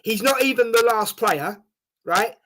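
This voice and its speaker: A man's voice: high voice, a little slow, slight background noise. Man ranting at a match. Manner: animated, exasperated, says "mate" often. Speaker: watchalong host. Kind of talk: live football watchalong commentary.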